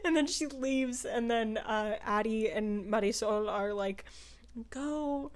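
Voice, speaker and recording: A woman's voice: fairly high pitch, steady tone, measured pace, clean tone. A young woman in casual chat, reviewing a book in a rambling way with lots of fillers. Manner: chatty, rambling, full of "like" and "um" fillers.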